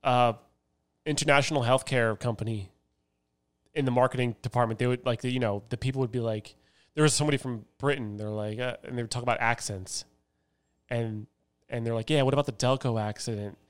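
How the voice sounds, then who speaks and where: A young man, co-hosting a casual podcast chat with quick quips and frequent laughter. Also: mid-range voice, steady tone, smooth. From Delaware County, Pennsylvania. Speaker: podcast co-host.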